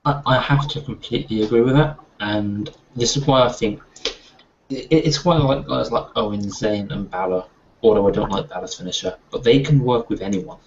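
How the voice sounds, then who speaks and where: A man's voice: mid-range voice, normal speed, creaky. A British man co-hosting a casual wrestling chat, opinionated and long-winded, often restarting his sentences. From United Kingdom. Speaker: podcast co-host. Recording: dull lo-fi audio with faint noise.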